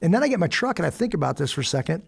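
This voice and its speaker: A middle-aged American man tells a story at a rapid clip, his voice sitting a touch high with a gravelly edge. He is animated and acts out what people said, now and then jumping into loud bursts. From United States. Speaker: guest. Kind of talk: storytelling in a conversation.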